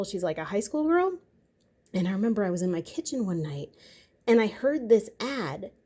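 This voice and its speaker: A woman's voice: medium pitch, warm tone. A middle-aged woman talking on her own channel in a rambling, conversational monologue full of fillers. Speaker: vlogger. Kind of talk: casual monologue.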